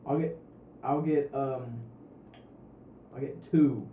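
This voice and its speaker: A man's voice: mid-range voice, steady tone, slow pace, mellow. A man playing a tabletop game, joking and bantering with the table. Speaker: player. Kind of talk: casual tabletop play. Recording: echoey room with faint noise.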